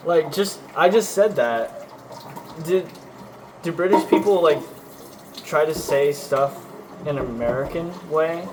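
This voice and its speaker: Young man, Texan accent, slow rambling chat, self-interrupting, noisy kitchen with water running. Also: fairly high pitch. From Texas. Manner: scattered, self-interrupting, jokey. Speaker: vlogger. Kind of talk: rambling casual vlog chat.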